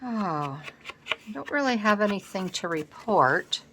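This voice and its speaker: A woman's voice: mid-range voice, lively intonation, slow pace, background noise. A woman talking casually at her craft table at home, thinking aloud as she works, recorded by a camera set on the table. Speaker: scrapbooking vlogger. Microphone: camera set up on the work table.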